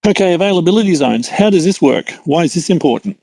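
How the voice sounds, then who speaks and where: A man's voice: high-pitched, expressive, fast, vocal fry, a little mellow, dry recording, rough recording. A middle-aged Australian man giving a conversational cloud computing lecture, with many fillers and restarts. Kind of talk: lecture with work anecdotes.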